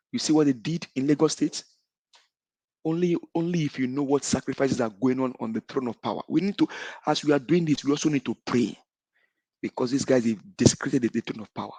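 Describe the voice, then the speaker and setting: A man's voice: medium pitch, a little mellow, no echo. Fervent Nigerian man calling in. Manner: fervent, denouncing, repetitive declarations. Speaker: caller. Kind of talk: impassioned call-in speech.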